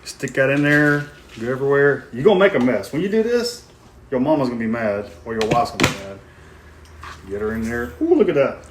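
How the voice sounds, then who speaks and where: A man's voice: mid-range voice, sing-song, brisk, a little hiss or hum. Folksy man in his fifties. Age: 50s. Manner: folksy, joking, hearty. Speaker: host of a barbecue cooking video. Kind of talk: casual cooking vlog. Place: outdoors at a grill.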